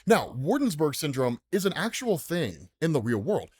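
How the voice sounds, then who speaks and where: This American comics channel host has a fairly high, slightly mellow voice that's very animated, speaking at a normal speed with few pauses. Chatty and quick to laugh, he keeps finishing sentences with "right?"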